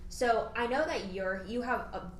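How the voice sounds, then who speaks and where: A woman's voice: on the high side, normal speed. A woman hosts a casual kitchen interview and keeps the talk going with questions and frequent short nods of agreement. Her voice is recorded in an echoey room with faint noise underneath. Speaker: host.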